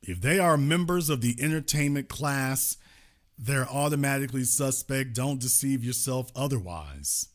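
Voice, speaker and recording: A man's voice: mid-range voice, lively intonation, moderate pace. A man hosting a show who delivers a political commentary monologue in an emphatic, repetitive, preaching manner. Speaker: host.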